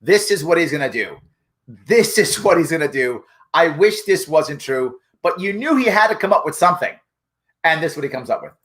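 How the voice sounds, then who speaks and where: A man's voice: fairly high pitch, lively intonation, fairly quick, a bit bright. A man hosting a live show, mocking a politician's clip with sarcastic running commentary. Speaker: show host.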